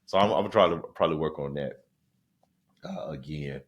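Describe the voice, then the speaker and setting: Host: deep-voiced South Carolina man, 40s, animated slangy stand-up delivery. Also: brisk. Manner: animated, slangy, repeats phrases. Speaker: podcast host, stand-up comedian. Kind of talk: casual podcast monologue.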